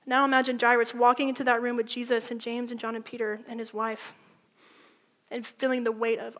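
A woman preaching a sermon in a casual, animated storytelling way, full of "like", swinging between loud and hushed. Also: a little high, fairly quick. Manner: informal, with frequent "like".

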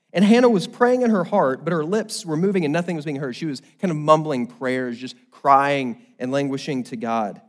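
A young man delivers a sermon to his congregation, retelling a story with animated energy. He slips into quick acted-out quotes and then drops back to a softer, earnest tone. His voice sits slightly above the usual male pitch. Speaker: pastor.

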